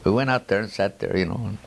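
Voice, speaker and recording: Very old man, low voice, rambling war anecdotes, chuckles, trailing asides. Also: vocal fry, slight background noise. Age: 90s. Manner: rambling anecdotal, chuckles at his own stories; frequent restarts and trailing asides. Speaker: war veteran telling his story. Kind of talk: oral history storytelling.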